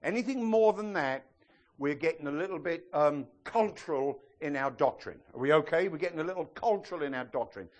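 A man preaching a sermon to a congregation, often checking in with them and joking as he goes. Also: fairly high pitch. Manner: lively preacher, asks the congregation questions, jokes and laughs. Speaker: pastor.

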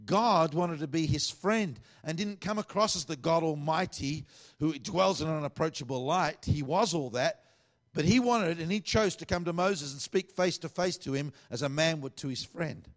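A man's voice: a little high, moderate pace. A middle-aged man with an Australian accent, preaching a sermon in a casual, conversational way with asides.

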